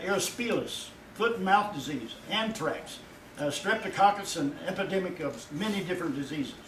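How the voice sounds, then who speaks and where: Man, pastor, folksy sermon, fairly high voice, roomy sound, mic some distance off. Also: slight background noise. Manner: folksy preaching, rising loud when quoting God. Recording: echoey room from far off.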